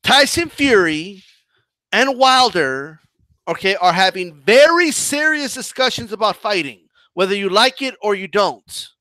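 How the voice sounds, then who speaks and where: Man, high voice, deliberate slow delivery, combative boxing chat. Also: dry recording. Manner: animated, mocking, combative rant with restarts. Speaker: boxing commentary channel host. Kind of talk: live-stream commentary reading chat.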